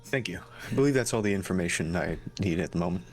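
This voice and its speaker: A man playing a polite, measured male bard who asks questions deadpan. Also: low voice, a little hiss or hum. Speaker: player.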